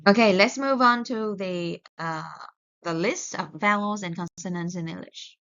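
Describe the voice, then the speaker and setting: A woman with a mid-range voice teaches English pronunciation at an unhurried, careful pace. She often stops to correct herself. The recording sounds a little dull and lo-fi. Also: mid-range voice, a bit bright, clean tone. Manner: slow and deliberate, with self-corrections. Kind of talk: recorded lesson.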